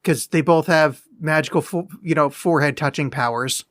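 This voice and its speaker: A man co-hosting a podcast, talking bluntly in casual chat and swearing freely. His voice sits a little high for a man, and it is recorded dry and close with no room sound. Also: moderate pace, fairly bright tone, dry recording. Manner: blunt and profane, exasperated. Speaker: podcast co-host.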